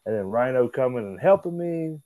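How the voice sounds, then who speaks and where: As a guest in an interview, a man who wrestles professionally recounts backstage stories in a casual, lively manner, swearing freely, calling people "brother," and raising his voice to imitate what others said. He talks a little fast at medium pitch, and the poor audio has no echo.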